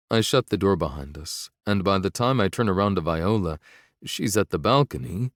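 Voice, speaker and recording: A man's voice: sits low, dry recording, clean studio sound. A man narrating a romance audiobook in the first person, intense and brooding.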